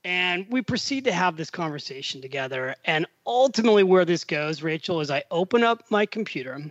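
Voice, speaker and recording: Middle aged guy spinning a story on a podcast, kinda high voice, dry muffled audio. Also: fairly quick, no room sound. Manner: animated storyteller, acts out quotes. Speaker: podcast guest, author. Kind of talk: casual storytelling conversation.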